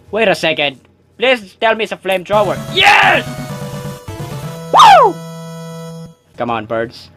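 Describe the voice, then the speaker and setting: A young man playing a game on camera and reacting loudly, his fairly high voice leaping between panicked yelps and low mumbled asides. His talk swings widely in pitch, full of shouts and quick jokes. Faint music plays behind him. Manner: drops to a low, muttering aside between outbursts. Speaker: gaming YouTuber. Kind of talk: let's play commentary.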